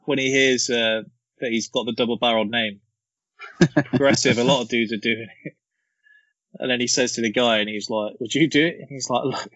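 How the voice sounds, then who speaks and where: A man's voice: medium pitch, steady tone, brisk, long pauses, a bit bright, dry recording. A man hosting a casual film chat, joking and asking the others questions. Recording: dull lo-fi sound.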